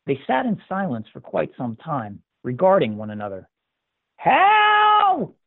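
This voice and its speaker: A man narrating a scripted story in a measured, even manner. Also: medium pitch, vocal fry, husky, dry recording. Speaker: story reader. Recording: tinny dry phone-like sound.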